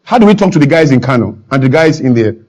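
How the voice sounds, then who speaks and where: A man, speaking as a guest on a talk show with a studio audience, preaching his point and building up to emphatic shouts. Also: mid-range voice, big pitch swings, fast, rough recording. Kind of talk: impassioned talk-show monologue.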